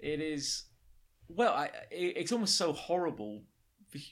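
A man co-hosting a podcast in casual chat, speaking in a halting way with many "likes". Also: fairly high pitch, very animated, fairly bright tone. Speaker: podcast co-host.

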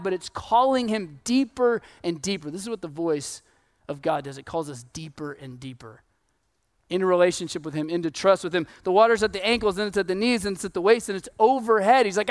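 Male pastor, 30s, high voice, casual and animated sermon delivery. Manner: conversational, animated storytelling with laughs and acted quotes.

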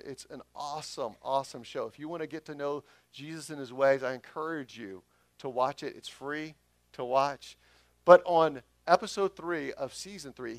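A pastor giving a conversational sermon that swells loud for emphasis. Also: male voice, a little high, no room sound.

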